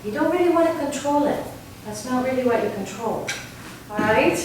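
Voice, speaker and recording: A woman vocal coach from Argentina leads a singing workshop, teaching in a lively way and often checking in with "right?". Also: sits high, moderate pace, a little hiss or hum. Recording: distant mic in a very echoey room.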